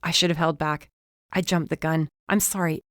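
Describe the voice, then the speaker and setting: A woman's voice: deep voice, fairly even intonation, moderate pace, fairly bright tone, no room sound, studio quality. A woman voicing an earnest, well-meaning young man who is eager and hopeful, defensive and apologetic by turns, in an audiobook.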